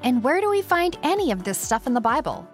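A woman's voice: sits high, sing-song, brisk. A woman giving a polished, upbeat read of a book advertisement. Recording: music bed behind voice.

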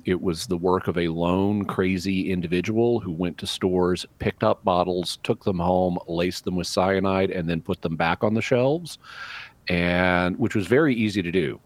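A man on a call-in radio show, explaining answers to callers in a measured way, drawing out key words. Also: low voice, no echo. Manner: explanatory, measured, drawn-out stresses. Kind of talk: live call-in radio talk.

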